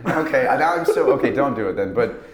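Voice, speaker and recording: Male actor guest, lively storyteller, pitch that jumps around, roomy echo. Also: fast. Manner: animated storyteller, stammers and laughs often. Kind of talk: casual interview chat. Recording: roomy echo, faint noise.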